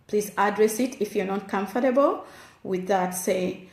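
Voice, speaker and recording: A woman's voice: medium pitch, normal speed. Woman, parenting advice speaker, direct earnest delivery, roomy echo. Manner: direct and earnest, addresses listener as "you". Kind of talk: instructive advice talk.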